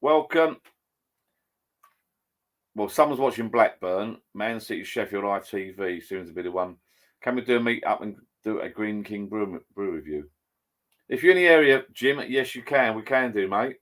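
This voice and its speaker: Older man with a low voice, chatty livestream host who rambles casually from his home bar. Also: expressive, normal speed, fairly bright tone. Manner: chatty, rambling, reads viewer comments aloud. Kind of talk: casual live chat.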